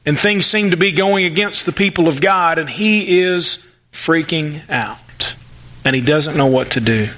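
Male pastor, high bright voice, chatty sermon delivery. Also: unhurried. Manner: conversational preaching, acts out the psalmist's voice.

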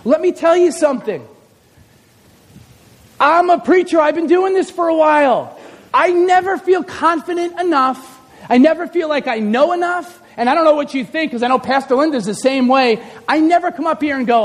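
A man's voice: very high-pitched, animated, moderate pace, in a large hall. A man preaching a sermon as pastor, talking conversationally and building to emphatic appeals, in a church sanctuary.

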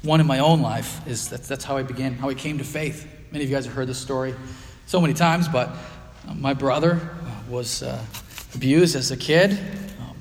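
A man's voice: medium pitch, normal speed, in a large hall. A man preaching a sermon as pastor, earnest and emphatic, with frequent fillers.

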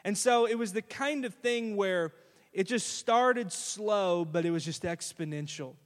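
A man's voice: sits high, unhurried. A male pastor preaching a sermon in a conversational storytelling way, often putting questions to the congregation. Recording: long hall reverb.

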